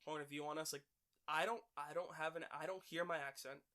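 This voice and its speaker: A young man with a Boston accent, chatting casually and rambling through his points with many restarts. His voice sits a little high and sounds bright and forward. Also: fairly even intonation, fairly quick. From Boston area, USA. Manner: rambling, self-interrupting, heavy use of fillers. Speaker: podcast host. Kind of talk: casual chat.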